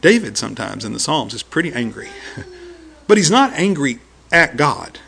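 Man, middle-aged, sermon, lively pitch swings, storytelling, quoted voices. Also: normal speed, vocal fry, slightly rough. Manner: animated, storytelling with quoted voices and frequent laughs. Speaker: preacher.

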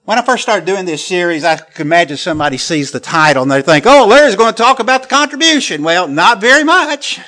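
Bright high-voiced male preacher. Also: lively intonation, quick pace, few pauses. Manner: emphatic, swings between loud quoting and quiet asides. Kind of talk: sermon.

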